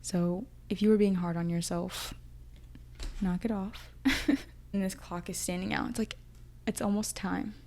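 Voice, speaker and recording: A woman's voice: mid-range voice, steady tone, a little slow, long pauses, darkish tone, slight background noise. A young woman giving a casual, chatty tarot reading, talking through her intuitions in an emotional, thinking-aloud way. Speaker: tarot reader.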